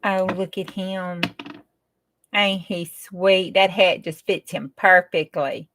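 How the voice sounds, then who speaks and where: A woman's voice: on the low side, fairly even intonation, takes it slowly, fairly bright tone, a little hiss or hum. A woman chatting casually while she crafts, often dropping to a whisper. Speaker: craft channel host.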